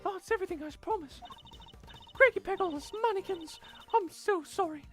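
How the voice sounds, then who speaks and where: A man voicing a fussy, sweet-toothed elderly woman in a fan game dub, soft and apologetic. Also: extremely high pitch, normal speed, soft background music, pitched above the performer's own voice. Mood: sweetly apologetic.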